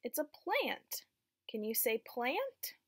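A young woman teaching a preschool phonics lesson, slow and encouraging, asking children to repeat after her. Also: on the high side, big pitch swings, no room sound, studio quality.

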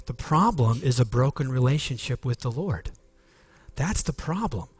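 A man's voice: mid-range voice, expressive, normal speed, a little mellow, husky, dry recording. A man preaching a sermon as pastor, earnest and emphatic, with frequent restarts.

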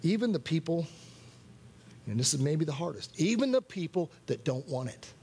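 A man's voice: fairly high pitch, sing-song, moderate pace, mellow, breathy edge. A man preaching at a worship night, earnest, repeating key phrases for emphasis. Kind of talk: sermon.

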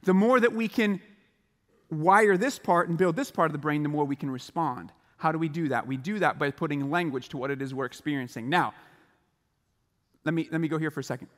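A man giving a motivational chapel talk to students, animated and acting out the voices of the people in his stories. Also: fairly high pitch, brisk, big-room sound. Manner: animated, acts out quoted voices. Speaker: chapel speaker. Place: large school chapel hall.

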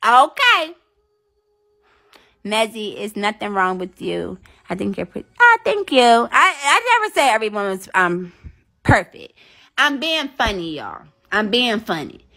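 A woman's voice: on the high side, big pitch swings, a little slow, bright, forceful tone. A young woman livestreaming, chatting casually with viewers in a brash, profane, trash-talking manner.

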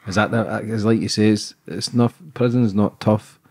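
A man's voice: fairly low pitch, steady tone, moderate pace, darkish tone, husky. A man hosting a podcast, asking probing, earnest questions in a chatty way. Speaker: podcast host. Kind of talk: interview conversation.

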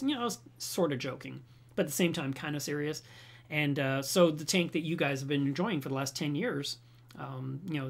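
A man hosting a reef aquarium channel, chatting casually with viewers and telling stories in an animated way, with frequent restarts and chuckles. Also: a little high. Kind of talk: casual live chat answering viewer comments.

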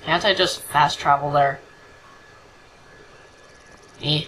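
A gameplay commentator with a medium-pitched, pushed and bright voice gives casual let's-play commentary, speaking slowly with long pauses. He's goofy, joking at the game and humming nonsense tunes. The recording is low quality, with a little hiss or hum.

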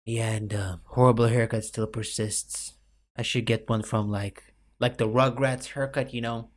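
A man's voice: mid-range voice, fairly even intonation, moderate pace. A young man giving rambling, self-mocking commentary over a game late at night, full of fillers, his voice cracking now and then. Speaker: gaming YouTuber.

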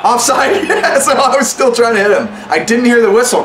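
Animated man giving sarcastic game commentary. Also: very high-pitched, brisk, roomy sound, slight background noise. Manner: sarcastic, talks back to the coach in the game. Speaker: gaming channel host. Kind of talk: let's-play commentary.

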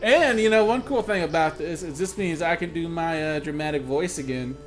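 A young man commenting casually as he plays a video game, excitable and self-mocking, with sudden loud outbursts. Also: a little high, a little fast. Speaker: gaming channel host. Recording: faint music behind the voice.

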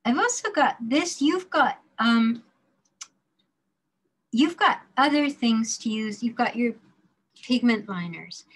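A woman leads a drawing demonstration for her class, talking slowly and deliberately as she works. Her voice sits a little high, and she sometimes drops to a murmur to herself while she draws. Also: low-quality recording. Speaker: design drawing instructor.

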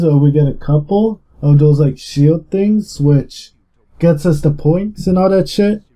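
A young man narrates his gameplay in a loose, rambling way, peppered with swearing. His voice sits slightly high yet sounds dark and mellow, and he talks at an unhurried, slow pace, with an energetic, louder-than-usual push. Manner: rambling and heavily profane. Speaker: gaming YouTuber. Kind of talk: casual gameplay commentary.

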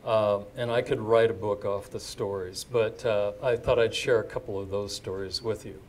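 A man's voice: fairly low pitch, fairly even intonation, normal speed, a little mellow. An older man telling a story to a live audience, chatty and digressive, with asides to the crowd. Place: indoor event before a live audience.

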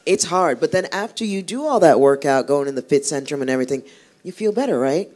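This woman singer speaks fast in a low-pitched, darkish, expressive voice. As a chatty guest on an interview show, she tells a meandering story, frequently starting over.

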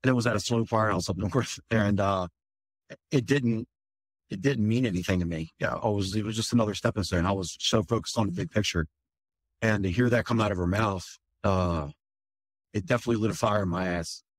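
A firefighter, telling a candid, rambling personal story in an interview, full of fillers and swearing. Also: male voice, fairly low pitch, brisk, breathy edge, dry recording.

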